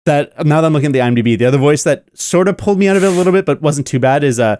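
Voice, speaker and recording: A man's voice: a little high, racing, a little mellow. A man co-hosting a podcast, chatting casually and enthusiastically about a movie with lots of fillers. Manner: rambling, enthusiastic, many fillers. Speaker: podcast co-host. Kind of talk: casual movie review chat.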